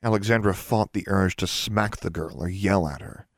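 In a clean studio recording with no room sound, a low-voiced man reads a fantasy audiobook from a script, telling the story at a steady, measured pace.

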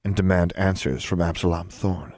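Measured and even, a deep-voiced man narrates an audiobook. There's no echo, and the sound is studio quality.

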